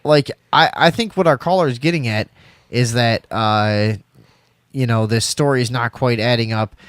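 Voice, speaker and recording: A man's voice: medium pitch, normal speed, a bit bright, smooth, no echo, studio quality. A man hosting a casual call-in talk show, rambling with many restarts and frequent swearing.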